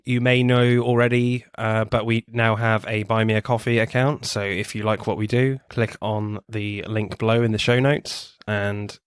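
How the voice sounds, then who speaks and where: A fairly low-pitched man from England hosts a laid-back film podcast. He is jokey and sweary, and laughs easily. The sound is close and dry with no room echo. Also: little pitch movement, moderate pace, few pauses, smooth. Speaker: podcast host. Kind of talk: casual film podcast chat.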